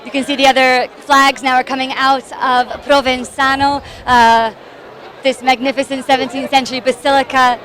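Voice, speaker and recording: A woman with a high-pitched voice gives excited, chatty live commentary at an outdoor street celebration, out of breath as she walks along with the camera. She speaks at a moderate pace while a crowd and drums sound behind her.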